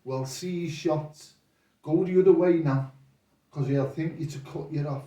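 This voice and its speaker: A man's voice: on the high side, measured pace, distant mic. An older man, a boxing coach guest, telling rambling stories and acting out the voices of the people in them. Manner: rambling, animated retelling with quoted voices. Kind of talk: casual storytelling chat. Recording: echoey room, voice off-mic.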